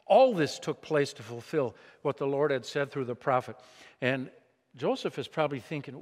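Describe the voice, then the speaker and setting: A man's voice: mid-range voice, animated, normal speed. A man preaching a sermon in a conversational, emphatic way, asking his congregation rhetorical questions. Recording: long reverb of a large hall.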